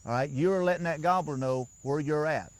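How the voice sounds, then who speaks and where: A man's voice: fairly high pitch, normal speed, no echo. A man giving a patient, folksy hands-on lesson outdoors, often repeating himself as he coaches a beginner. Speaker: turkey calling instructor.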